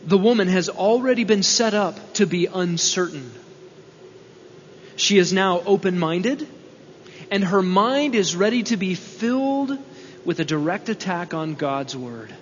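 A man's voice: sits high, animated, measured pace, slight background noise. A male preacher giving a sermon, emphatic, repeating key lines and asking rhetorical questions. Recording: dull sound with long hall reverb.

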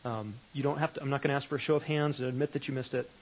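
A man's voice: mid-range voice, steady tone, rapid-fire, slight background noise. A man leading a live Bible study session, talking conversationally and repeating phrases with shifting emphasis. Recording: dull lo-fi recording.

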